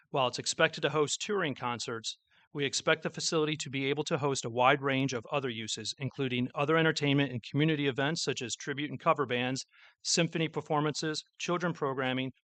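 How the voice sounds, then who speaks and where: Mayor with a bright voice. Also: male voice, mid-range voice, no room sound. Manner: formal prepared speech with small slips, storytelling. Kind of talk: public address speech. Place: public event with an audience.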